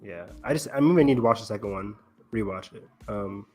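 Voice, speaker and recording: A man's voice: on the low side, dark tone, soft background music. A man co-hosting a podcast, chatting casually about film news with lots of ums and restarts. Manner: rambling, halting with many ums. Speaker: podcast co-host. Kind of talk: casual chat.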